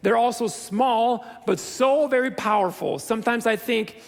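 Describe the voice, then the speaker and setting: A man's voice: very high-pitched, measured pace, gravelly. A man preaching a graduation sermon as a pastor, with playful joking asides to the congregation. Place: large church sanctuary. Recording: long church reverb.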